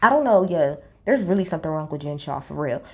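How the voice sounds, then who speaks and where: A woman recapping a reality TV episode in a blunt, profane, animated storytelling style. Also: low voice, quick pace, highs cut off, slight background noise. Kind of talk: casual opinionated recap.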